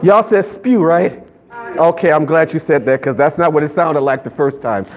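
A preacher whose voice runs on the high side speaks at an ordinary speed to a congregation gathered for a church service. His delivery combines playful humor with call-and-response, heard through a slightly dull recording with light background noise.

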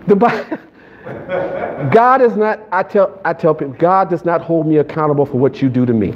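At a church service, a man with a highish, expressive voice preaches at normal speed to the congregation present. Playful jokes alternate with call-and-response exchanges, and the slightly muffled audio carries faint background noise.

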